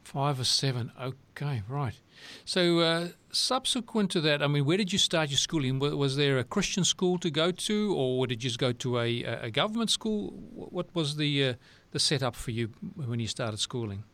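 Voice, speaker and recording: A man's voice: on the high side, animated, moderate pace, few pauses, a bit bright. A man interviewing a guest in an engaged, encouraging way, often restarting his questions. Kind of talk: conversational interview.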